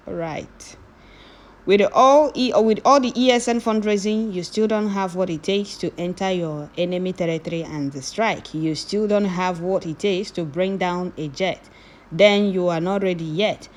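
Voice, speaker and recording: A woman reading viewer comments aloud, moving from calm reading to loud scolding. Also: on the low side, a little slow.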